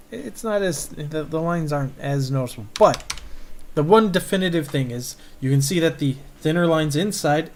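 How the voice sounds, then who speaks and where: A man who is a cartoonist, chatting casually while he inks a drawing on stream and trailing off into low-key asides to himself. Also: a little hiss or hum. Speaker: cartoonist streaming his inking.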